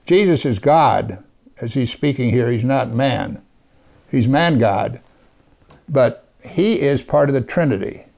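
An older man preaching in earnest, reading scripture and pressing his points home to the congregation. His voice is gravelly, sits at an ordinary pitch, and sometimes falls to a hush. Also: animated, slow. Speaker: pastor. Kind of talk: sermon.

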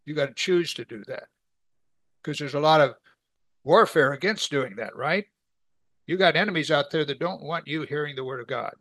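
A man's voice: on the high side, moderate pace, pauses often, fairly bright tone, dry recording. A man teaching a weekly Bible study in a conversational way, asking his class rhetorical questions.

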